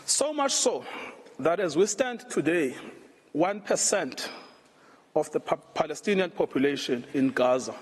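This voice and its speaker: A man delivering a formal, measured legal argument to a court. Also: on the high side, animated, husky. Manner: measured, grave, deliberate. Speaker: lawyer addressing a court. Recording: long reverb in a large hall.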